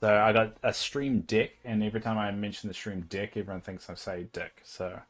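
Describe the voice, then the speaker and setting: This is a young New Zealand man with a lowish voice, musing aloud on a livestream as he builds in a game. He drifts along with ums and half-finished thoughts. A little game music plays softly behind him. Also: a little fast. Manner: relaxed, rambling, thinking aloud with fillers. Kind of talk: casual livestream commentary while playing a game.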